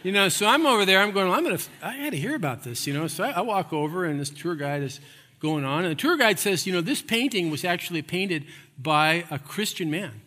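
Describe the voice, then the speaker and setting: A man delivers a sermon from the pulpit, his voice bright, forceful and set a little high for a man. He shifts from funny storytelling to emphatic preaching. The church gives his words a long, ringing reverb. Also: animated, fairly quick. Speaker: pastor. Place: church sanctuary.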